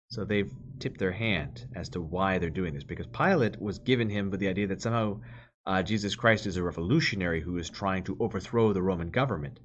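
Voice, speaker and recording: A man's voice: deep voice, fairly quick. A man leading a Bible study, reading scripture aloud and explaining it in an earnest, teaching manner, stressing key words as he goes. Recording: dull lo-fi recording.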